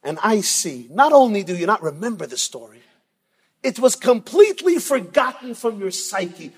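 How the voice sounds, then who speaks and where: A man voicing a stern elderly grandfather who speaks in a low, grave, reproachful way. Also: big pitch swings, moderate pace, husky, full character voice. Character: stern elderly grandfather, survivor, deeply hurt. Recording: long reverb from a large hall.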